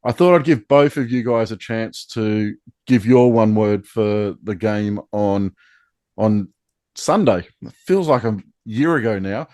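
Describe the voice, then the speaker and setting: A man's voice: on the low side, measured pace, darkish tone, no echo. A man hosting a sports podcast, with wry, teasing remarks. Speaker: podcast host. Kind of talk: casual sports chat.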